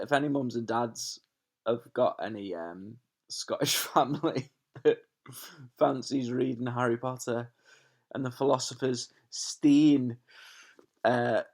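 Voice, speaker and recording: A man, a teacher chatting to his pupils and then reading a storybook aloud from his sofa at home, chatty and often laughing at himself. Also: medium pitch. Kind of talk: casual chat then storybook read-aloud. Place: home living room, on a sofa. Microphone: camera in front of him.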